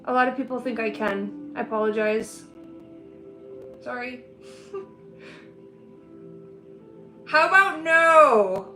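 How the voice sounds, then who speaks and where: High-pitched woman rambling to her stream while painting, roomy sound, soft music behind. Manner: chatty, rambling, laughs often. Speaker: livestreaming artist. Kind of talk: casual chat while painting. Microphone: streaming setup. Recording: roomy with faint background music.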